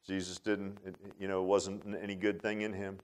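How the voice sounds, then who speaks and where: A male pastor preaching a sermon in an animated, informal way, often repeating words and making joking asides to the congregation. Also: deep voice, fairly quick.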